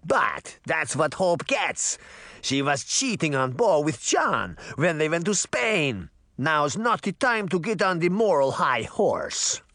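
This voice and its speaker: A man acts out a menacing old witch with a heavy Russian accent, high and taunting. She swings her voice up and down, gleefully threatening children in a dry, close storybook recording. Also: very animated, takes it slowly, bright, forceful tone, no room sound, heavily acted. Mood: gossipy. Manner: mocking, relishing threats.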